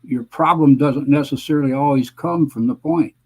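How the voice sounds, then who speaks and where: A man in his seventies, a guest veteran, answering interview questions in a halting, measured way with frequent pauses. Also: medium pitch, darkish tone, husky, rough recording. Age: 70s. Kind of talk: conversational interview reminiscing.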